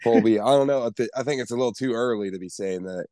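A man's voice: mid-range voice, fast talker, dark tone, no room sound. A man co-hosting a casual sports podcast, rambling and stumbling over his words. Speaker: podcast co-host.

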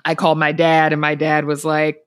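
A woman's voice: deep voice, monotone, brisk, clear, resonant tone, dry recording, studio quality. A woman in her thirties, a podcast guest, telling her story in casual chat and acting out the voices of people she quotes.

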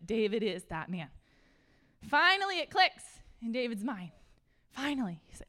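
A woman's voice: mid-range voice, moderate pace. A woman preaches in a loose, conversational way to a roomful of listeners, laughing often and peppering her talk with "like." Her voice sits in the middle range for a woman. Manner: chatty and animated, laughs often, says "like" a lot. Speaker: speaker at a church gathering. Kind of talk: casual conversational sermon. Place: room full of listeners.

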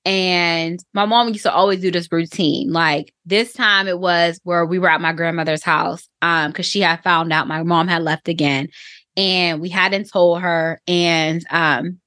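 A woman in her thirties telling a personal story on a podcast, reflective and halting, with many fillers. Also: on the low side, steady tone, sharp tone, no echo, studio quality.

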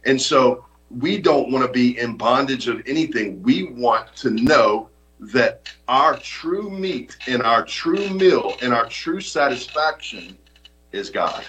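A man's voice: medium pitch, expressive, measured pace, bright, forceful tone, low-quality recording. A man preaching a sermon as pastor, earnest and emphatic, often repeating his points.

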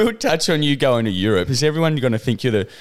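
A man's voice: mid-range voice, very animated, fast talker. A man with a broad rural Victorian Australian accent, hosting a casual podcast chat and laughing often. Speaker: podcast host.

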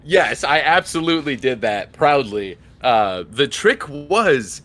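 A young man co-hosting a podcast, telling stories in a casual, animated way and acting out the dialogue. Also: medium pitch, slow. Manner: animated storyteller, acts out dialogue. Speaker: podcast co-host. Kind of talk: casual chat.

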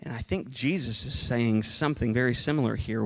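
A man in his thirties preaching a sermon as a pastor, animated and acting out little dialogue bits. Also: medium pitch, a little fast, gravelly.

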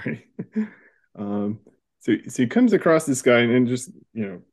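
A man's voice: mid-range voice, big pitch swings, normal speed, a little mellow. A man co-hosting a podcast, rambling through a comic story in casual chat, laughing often and reading quotes aloud. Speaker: podcast co-host.

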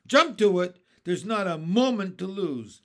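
A man's voice: on the high side, sing-song, slow pace, full character voice. Man playing a storybook boy, brave, commanding, reassuring.

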